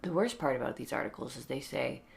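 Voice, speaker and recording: A woman's voice: extremely low pitch, animated, quick pace, creaky. A young woman and new mom, a comedian, chatting casually at home in a tired, wry way, sometimes dropping to a whisper. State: sleep-deprived. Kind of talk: casual vlog chat. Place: home, indoors.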